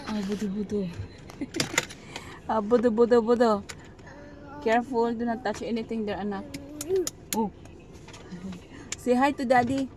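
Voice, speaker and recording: Waiting outside a clinic, a young Filipino mom chats in Tagalog and English for her vlog, alternately coaxing and scolding her toddler. She speaks a little slowly in a slightly high, darkish voice with fairly even intonation and frequent pauses, as vehicles pass noisily behind.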